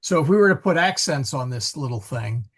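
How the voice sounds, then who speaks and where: A man's voice: mid-range voice, animated, brisk, a bit bright, breathy edge. A man leading an online Latin reading group, explaining grammar patiently and correcting himself as he goes. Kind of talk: casual online class.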